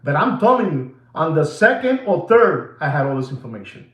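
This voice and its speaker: With a fairly high pitch and a slightly fast delivery, this man rants animatedly to viewers of his watch channel. The audio is dull and roomy with echo, while he stays excitable and theatrical, dropping into Spanish asides.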